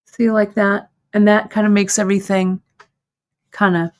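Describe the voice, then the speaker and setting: A woman's voice: mid-range voice, little pitch movement, normal speed. A woman hosting a live craft lesson, explaining each step patiently and checking in often with the viewers. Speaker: host demonstrating bead embroidery.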